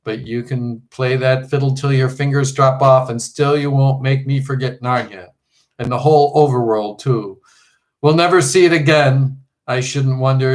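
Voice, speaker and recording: A man's voice: mid-range voice, close to an everyday voice. A man voicing a gloomy, stubborn male marsh creature who talks stoutly and short of breath, for an audiobook. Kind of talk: audiobook character reading.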